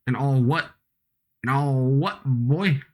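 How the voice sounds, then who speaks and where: A man voicing a boastful, thuggish male villain grunt in a game, gruff and sneering. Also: medium pitch, slow pace, natural voice.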